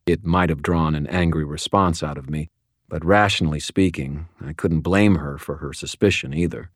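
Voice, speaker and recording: Brief: deep male narrator, steady and wry, dry close studio sound. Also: moderate pace, no echo. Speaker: audiobook narrator. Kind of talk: first-person audiobook narration.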